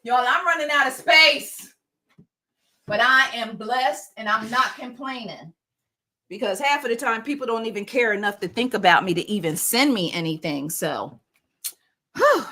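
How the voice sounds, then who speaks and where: A woman's voice: fairly high pitch, animated, moderate pace, bright, forceful tone. A woman hosting her own livestream, chatting playfully and animatedly with her viewers. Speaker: livestream host. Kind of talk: casual livestream chat.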